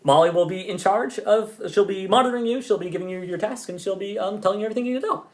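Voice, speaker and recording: A man's voice: high-pitched, very fast, pitched above the performer's own voice, natural voice. A man voicing a cheerful male company chief who talks over others and brushes off complaints. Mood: breezy.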